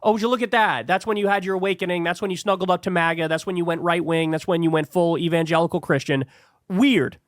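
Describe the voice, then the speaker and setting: A man's voice: on the high side, fairly even intonation, quick pace, no room sound, clean studio sound. A man hosting a heated political commentary show, sarcastic and profane.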